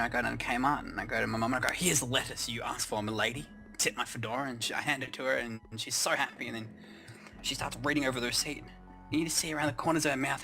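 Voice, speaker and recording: A man's voice: mid-range voice, vocal fry, bright, forceful tone. A young Australian man telling a rambling comic story, swearing constantly and puffing up small events with mock-grand exaggeration.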